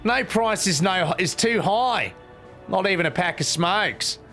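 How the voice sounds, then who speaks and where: A man doing a brash, foul-mouthed Australian queen who barks insults in a broad accent. The voice sits a little high and swings about, with soft game music underneath. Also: expressive, measured pace, heavily acted. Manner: crude, insulting, exaggerated drawl. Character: crude, swearing Australian queen, bossy and brash. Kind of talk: comedic voice-over of a video game.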